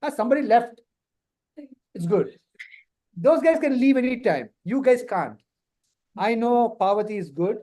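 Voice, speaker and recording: A man's voice: very high-pitched, expressive, unhurried, long pauses, dark tone. A man with a Telugu Indian accent leads a live online career class in a playful, teasing way, slipping Telugu words into his English. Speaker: instructor leading a career workshop.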